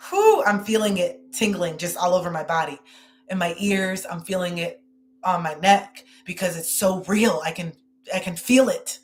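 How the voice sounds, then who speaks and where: A woman's voice: mid-range voice, steady tone, normal speed. Effusive woman doing a live card reading. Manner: emotional, breathy and effusive, repeats phrases. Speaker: tarot reader and host.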